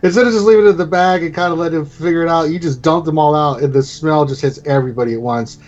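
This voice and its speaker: A man's voice: a little high, fast, a little mellow. Man, game master, rambling casual narration, dull lo-fi sound, faint music. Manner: loose, rambling narration with fillers.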